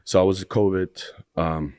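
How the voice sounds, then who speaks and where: A man's voice: sits low, fairly even intonation, unhurried, mellow, clean tone, dry recording, clean studio sound. A man on a podcast telling a long personal story in a rambling way, full of restarts. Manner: rambling, breathless retelling with restarts. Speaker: podcast guest. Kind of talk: casual storytelling.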